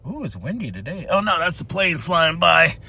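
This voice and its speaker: High-voiced hyped-up podcast host, man. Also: moderate pace, gravelly, husky. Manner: excited, animated storytelling with hype shouts and laughs. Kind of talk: casual wrestling recap.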